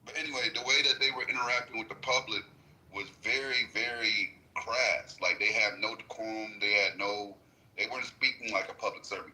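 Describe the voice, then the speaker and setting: A man in a casual group podcast chat, talking in an animated, indignant way. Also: lowish voice, fairly quick, rough recording. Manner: animated, indignant ranting with mimicked shouts.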